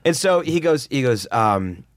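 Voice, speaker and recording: A middle-aged man, a podcast guest, telling animated stories in casual chat and swearing freely. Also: medium pitch, a little slow, no echo.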